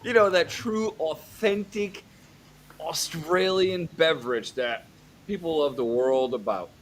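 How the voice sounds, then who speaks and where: A man's voice: a little high, measured pace, slight background noise. A man appearing as a guest on a casual chat, teasing the host.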